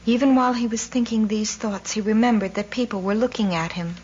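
A woman reading a novel aloud as an audiobook narrator, in a measured way, lifting her voice for the characters' shouts. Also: steady tone, slightly rough. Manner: measured, voicing characters' cries with raised pitch. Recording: slightly dull recording with faint noise.

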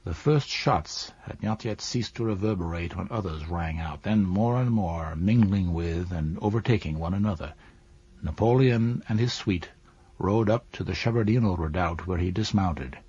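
A man narrating a classic novel as an audiobook in a measured, even storytelling manner. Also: low voice, breathy edge, no room sound. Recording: dull dry lo-fi recording.

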